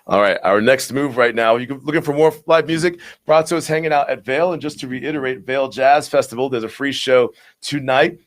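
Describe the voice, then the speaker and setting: A man's voice: mid-range voice, fairly quick, hardly any pauses. A man hosting a live local show, chatty and upbeat as he lists events. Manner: upbeat, chatty, laughs along. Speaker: show host.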